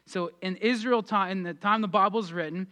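A man pastor preaching a sermon and leading prayer, energetic and emphatic with fervent peaks. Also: high-pitched, fairly quick.

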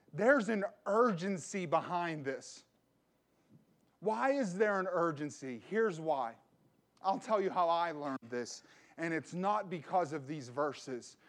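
A man preaching a sermon as a pastor, telling a personal story and repeating phrases for emphasis. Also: a little high.

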